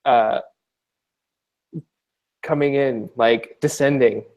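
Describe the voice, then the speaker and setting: A man's voice: mid-range voice, steady tone, slow, darkish tone. A man from Long Island chatting as a guest on a video call, joking, rambling and laughing often. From Long Island, New York. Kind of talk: casual chat.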